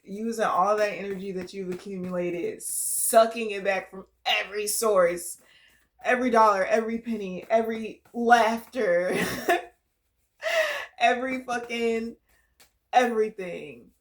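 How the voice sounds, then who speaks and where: A woman giving a casual collective tarot reading, talking bluntly and swearing freely. She laughs often and moves between quiet musing and loud, emphatic bursts. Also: medium pitch, expressive, measured pace. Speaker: tarot reader.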